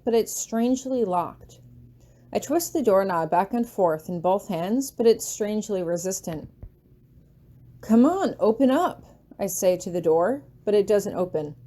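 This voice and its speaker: A woman narrating a fanfiction audiobook in an expressive first-person storytelling manner. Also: mid-range voice. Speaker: audiobook reader.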